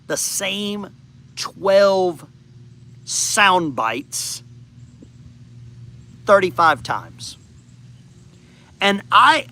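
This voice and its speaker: A man's voice: sits high, pushed and bright. A man in his fifties from the United States, hosting a casual backyard chat and rambling through answers to viewer comments. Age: 50s. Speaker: channel host. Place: outdoors in a backyard.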